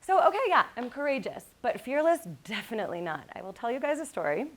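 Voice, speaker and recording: A woman giving a live motivational talk, telling lively personal stories with frequent laughs and speaking directly to the audience. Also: a little high, quick pace. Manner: animated storytelling, laughs often, addresses the crowd.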